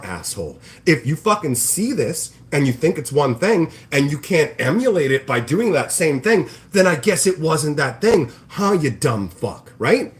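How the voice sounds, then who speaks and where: A man ranting on a casual livestream, sarcastic and profane, mocking people in put-on voices. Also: a little high. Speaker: livestream host. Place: home kitchen, cooking bacon.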